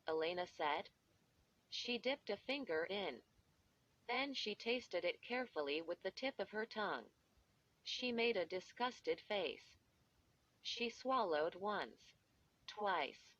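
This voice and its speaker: A woman reading a story aloud in first-person audiobook narration, steady and measured. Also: medium pitch. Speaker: audiobook reader. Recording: dull lo-fi recording.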